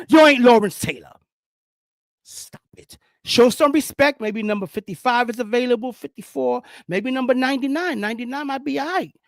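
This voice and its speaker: A man hosting a show, giving casual, slangy and teasing sports commentary in an animated way. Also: high-pitched, no echo, studio quality. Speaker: host.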